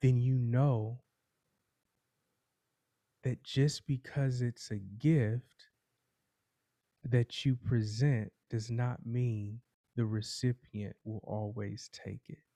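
A man preaching a sermon, telling a courtroom parable in a slow, dramatic storytelling manner. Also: mid-range voice, steady tone, warm tone, no room sound.

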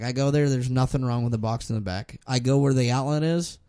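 A man's voice: mid-range voice, fast, hardly any pauses, darkish tone, clean tone. A man co-hosting a casual talk radio show, telling a work story in plain, swearing talk. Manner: swears casually, dry reported dialogue.

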